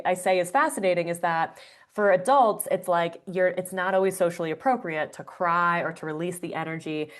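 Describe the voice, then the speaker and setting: Earnest woman explaining, low voice. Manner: earnest, explanatory, many fillers. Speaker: breathwork facilitator guest. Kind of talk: conversational interview answer.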